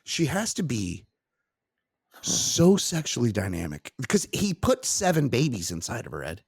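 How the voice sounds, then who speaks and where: Gravelly, lively-voiced man. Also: medium pitch, moderate pace, no echo, studio quality. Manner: animated, puts on silly voices in retellings. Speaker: podcast co-host. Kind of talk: crude comedic sports podcast banter.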